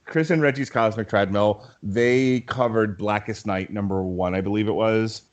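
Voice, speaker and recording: A man's voice: lowish voice, normal speed. Laughing, swearing podcast host man. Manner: enthusiastic, laughs often, swears casually. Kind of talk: casual chat.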